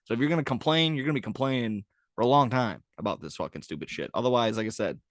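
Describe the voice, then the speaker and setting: A man's voice: mid-range voice, expressive, fast talker, a bit bright, no room sound, studio quality. A man co-hosting a sports podcast, ranting profanely in casual chat and laughing at his own jokes. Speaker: podcast co-host.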